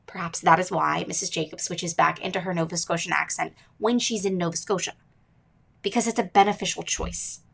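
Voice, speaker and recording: A woman hosting an interview program, asking questions and reading scripted narration in a measured way. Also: fairly low pitch, fairly even intonation, creaky, slightly rough. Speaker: host and narrator.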